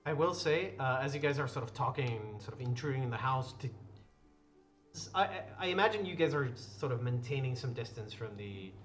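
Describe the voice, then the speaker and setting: Male game master, descriptive narration full of fillers, low music bed. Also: expressive, a little fast.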